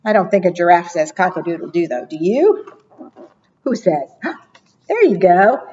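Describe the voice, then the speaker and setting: A woman, a children's librarian, reading picture books aloud at preschool storytime, gentle and encouraging, often asking the children questions. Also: on the low side, sing-song, moderate pace, distant mic, muffled recording, a little hiss or hum.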